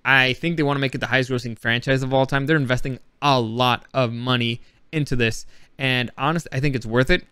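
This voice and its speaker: A man's voice: medium pitch, fairly even intonation, brisk, pushed and bright, clear, resonant tone, no echo, clean studio sound. A man vlogging casually, rambling and chatty as he comments on his own travel footage. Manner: rambling, chatty, many fillers and restarts.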